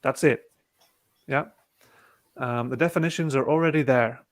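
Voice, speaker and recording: A man presenting an online webinar, calmly talking through each click of a teaching tool step by step. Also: medium pitch, normal speed. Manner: relaxed, talks through clicks step by step with fillers. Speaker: presenter demonstrating a teaching platform. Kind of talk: casual online webinar demo. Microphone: video call.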